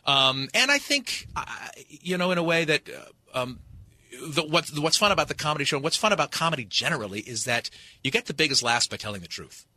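A man telling stories in a casual radio interview, animated and full of restarts, as a comedy performer who is a guest. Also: fairly high pitch. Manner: animated storyteller, halting restarts.

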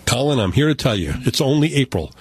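A man reviewing a movie on a talk show with animated sarcasm. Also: medium pitch, fast, slightly rough, no room sound. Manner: animated, sarcastic, jumps into voices. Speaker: film critic. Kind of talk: casual radio chat.

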